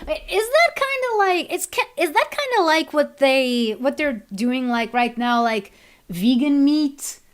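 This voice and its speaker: A woman with a high-pitched, expressive voice speaks a little slowly as she chats casually on a stream while worldbuilding. She rambles, restarts often, laughs easily, and switches into Portuguese.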